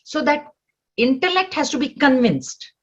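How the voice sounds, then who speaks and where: A woman's voice: sits high, lively intonation, measured pace, muffled recording. A woman teaching a spiritual scripture class, explaining step by step and asking rhetorical questions.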